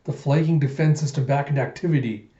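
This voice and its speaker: A man voicing a calm, measured young man in a level delivery. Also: medium pitch, close to an everyday voice. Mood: stern. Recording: roomy, muffled home recording.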